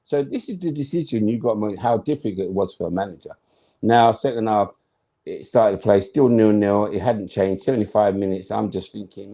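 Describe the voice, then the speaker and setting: A man's voice: lowish voice, a little fast, warm tone. A man, a former footballer telling stories as an interview guest, emphatic and slangy, acting out his own thoughts. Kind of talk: animated storytelling in conversation.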